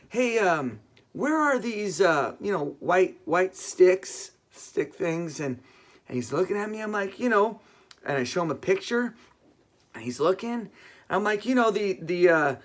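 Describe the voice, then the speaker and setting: A man with a slightly higher-than-usual voice gives a relaxed devotional talk as a pastor. He tells a funny everyday story in a chatty way, with fillers and quick self-corrections.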